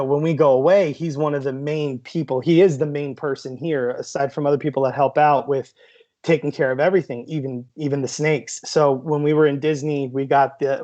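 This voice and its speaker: Man, podcast co-host, casual chat, rambling, laughs often, slightly high voice, dull muffled recording. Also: darkish tone. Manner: rambling, with many fillers and frequent laughs.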